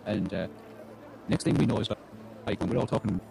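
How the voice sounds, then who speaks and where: Guy running a tabletop game, mellow low tone, rambly, keeps quoting people, bit of faint background hiss. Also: fairly quick, gravelly, poor audio. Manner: rambling, full of restarts and acted-out quotes. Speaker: game master. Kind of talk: in-character storytelling at a tabletop game.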